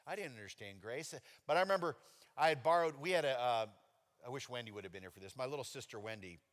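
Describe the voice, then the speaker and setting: A man giving a testimony sermon, telling his story with lively acted-out quotes. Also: quick pace. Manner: animated storytelling with high-pitched acted-out quotes. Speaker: preacher. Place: church hall. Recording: long reverb of a church hall.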